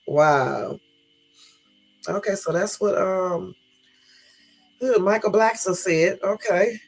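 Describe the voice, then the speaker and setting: Female live-stream host, mid-pitched, casual commentary with lively exclamations. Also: takes it slowly, husky, soft background music, poor audio. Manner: animated reactions with exclamations. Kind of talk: live-stream commentary reading quotes aloud.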